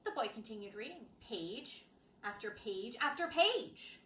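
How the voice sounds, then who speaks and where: A woman reading a picture book aloud to children, playful and expressive, with dramatic pauses and wry asides. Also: on the high side, reverberant, slight background noise, poor audio. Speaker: children's storytime reader.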